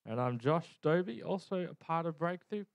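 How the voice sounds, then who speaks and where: A man's voice: on the high side, lively intonation, normal speed, gravelly, dry recording. A man with an Australian accent, co-hosting a church teaching show, eager and stammering a little on restarts. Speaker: co-host. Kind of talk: casual church teaching chat.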